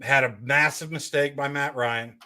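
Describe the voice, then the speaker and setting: A man's voice: medium pitch, fairly even intonation, moderate pace, sharp tone. Cheering man co-hosting a game stream. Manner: cheering fan, casual banter. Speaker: co-host fan. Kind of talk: live game reaction chat.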